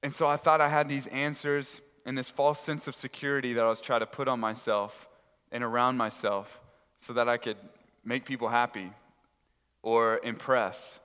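A man giving a sermon, telling a funny story in an animated, humorous way. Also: mid-range voice, moderate pace, smooth. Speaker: youth pastor. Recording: reverberant hall.

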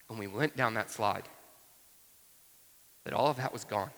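A man's voice: fairly low pitch, measured pace, a bit bright. A man in his thirties preaching a sermon, telling a family story in a conversational way with frequent asides. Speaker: pastor. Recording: long reverb from a large hall.

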